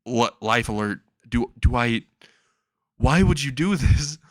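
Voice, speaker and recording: A man's voice: lowish voice, fairly even intonation, normal speed, gravelly, fairly bright tone, dry recording, clean studio sound. A man doing a frantic trapped young hero. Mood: panicked. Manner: frantic, swearing, pleading. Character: panicky young male hero, trapped and terrified.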